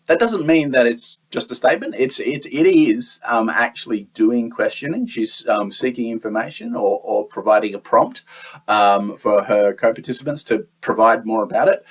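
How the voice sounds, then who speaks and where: A man's voice: mid-range voice, slightly rough. A man teaching a lesson, explaining step by step with frequent "um" and "uh" fillers. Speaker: lecturer. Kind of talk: teaching lecture.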